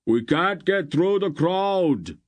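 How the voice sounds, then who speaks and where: Man doing a big grumpy warrior, growly and loud, audiobook. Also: deep voice, animated, normal speed, no echo. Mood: gruff. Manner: gruff, growling. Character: big gruff male warrior, grim and blunt.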